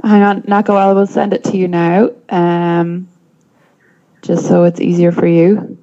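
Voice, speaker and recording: A woman's voice: on the low side, flat delivery, a little slow, warm tone. A woman student asking a seminar question over a video call, hesitant and apologetic with many fillers, on muffled audio.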